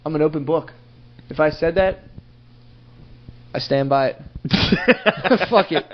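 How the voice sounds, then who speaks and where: A man's voice: a little high, takes it slowly, highs cut off. A man co-hosting a crude comedy podcast, telling profane stories and laughing often. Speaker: podcast co-host.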